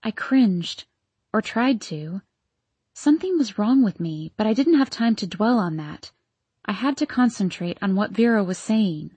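A woman narrating a novel in the first person, in a hushed, searching and anxious tone, close to the mic. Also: medium pitch, expressive, measured pace, slightly rough, no room sound. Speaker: audiobook narrator.

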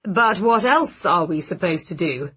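A woman voicing an ardent, careless young man with a low, husky murmur, within a read-aloud romance. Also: lively intonation, slow, a bit bright, exaggerated voice. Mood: flustered.

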